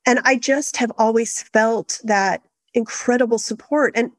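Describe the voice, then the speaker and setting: A middle-aged woman, a guest in an interview, telling her story in an earnest, steady and reflective way. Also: fairly high pitch, measured pace, dry recording. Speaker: guest, activist founder.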